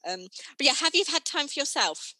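Woman, podcast co-host, bright tone, candid animated storyteller. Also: sits high, a little fast, dry recording, low-quality recording. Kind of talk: casual chat.

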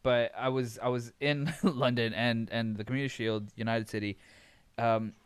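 A man's voice: mid-range voice, normal speed, smooth, no room sound. A young man from Abu Dhabi telling a story in casual chat, swearing freely and often laughing as he talks. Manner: animated, swearing, laughs while telling stories.

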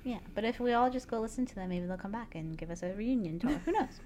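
A woman's voice: medium pitch, expressive, fast talker, dark tone, a little hiss or hum. A young woman co-hosting a podcast, chatting casually and swearing offhandedly. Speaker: podcast co-host. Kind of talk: casual chat.

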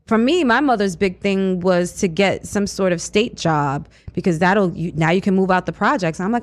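A woman's voice: medium pitch, lively intonation, normal speed, hardly any pauses. An outspoken woman co-hosts a radio talk show from a studio. She makes her points with emphasis and drops easy street slang, in a mid-range voice. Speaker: radio co-host and youth worker. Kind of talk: casual chat.

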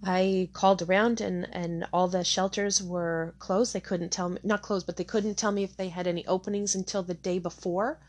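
A woman's voice: lowish voice, steady tone, moderate pace, few pauses, darkish tone. A middle-aged woman telling her own hard story candidly, with many fillers and restarts. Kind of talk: personal testimony.

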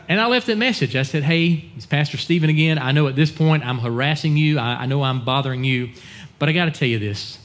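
A man preaching as a pastor, telling a story in an earnest manner and acting out the people he quotes. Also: brisk. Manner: earnest, acts out quoted dialogue in a lowered voice. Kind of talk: sermon storytelling.

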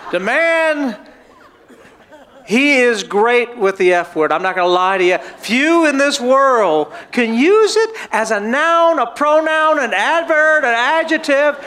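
A man's voice: very high voice, slow pace. A pastor preaching a sermon to his church, telling a story and acting out the voices of the people in it. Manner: animated, acts out quoted voices.

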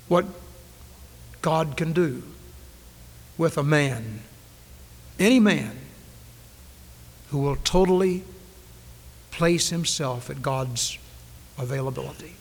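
A male preacher delivering a dramatic sermon, repeating key phrases and swinging between loud declarations and hushed lines, on a 1990s church recording. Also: on the high side, lively intonation, slow pace, long pauses, slightly rough, in a large hall.

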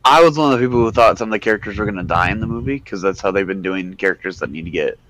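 A man's voice: lowish voice, lively intonation, racing, a bit bright, a little hiss or hum, low-quality recording. A young man co-hosting a podcast, summarizing plot points casually and a bit ramblingly. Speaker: podcast co-host. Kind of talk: casual movie chat.

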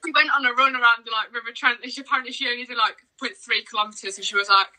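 A woman's voice: on the high side, steady tone, very fast, sharp tone. A woman in a casual podcast chat, telling funny stories with laughter and acting out what others said. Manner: laughing storyteller, acts out quotes.

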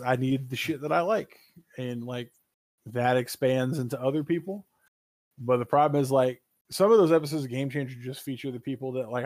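Guy cohosting a gaming podcast, strong opinions, swears a lot, dry close sound, mid pitch. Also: no echo. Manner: animated, opinionated, swears freely. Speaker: podcast co-host. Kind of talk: casual podcast chat.

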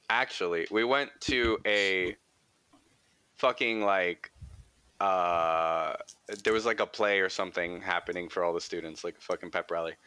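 A young man tells a story on his podcast in a loose, rambling way, swearing often and leaning on "like." His lowish voice comes across bright and smooth. The sound is dry and close, with no room around it. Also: no echo. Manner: rambling, profane, full of "like" fillers. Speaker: podcast host. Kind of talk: casual storytelling chat.

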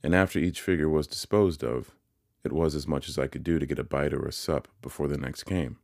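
A man narrating a classic novel as an audiobook, in a measured storytelling way. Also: rumbling low, darkish tone, no echo, clean studio sound.

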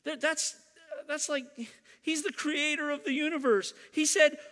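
High, bright-voiced preacher in echoing church. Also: male voice, steady tone, measured pace. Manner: emphatic, repeats key lines, teases the congregation. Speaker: pastor. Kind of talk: sermon.

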